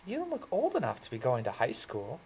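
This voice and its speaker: A man's voice: medium pitch, huge pitch swings, fairly quick, a little mellow, husky, voice pushed up, heavily acted, low-quality recording. A snobbish teenage girl, voiced by a man reading a storybook, speaking with cool disdain about the boys as if they were not there. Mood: disdainful.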